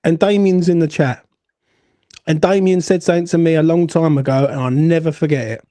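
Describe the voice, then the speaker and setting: A man's voice: a little high, steady tone, a little fast, dark tone, no room sound. A man hosting a football fan show, blunt and swearing as he rants. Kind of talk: heated fan call-in chat.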